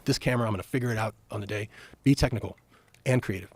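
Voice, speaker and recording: A man's voice: lowish voice, rapid-fire, a little mellow, no room sound. A middle-aged man telling stories animatedly and emphatically as a podcast guest on a studio mic. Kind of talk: storytelling conversation.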